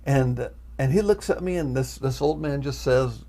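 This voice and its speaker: A man giving an emotional testimony as a guest, animated and repeating himself as he acts out his own prayers. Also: mid-range voice, moderate pace. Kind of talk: emotional storytelling.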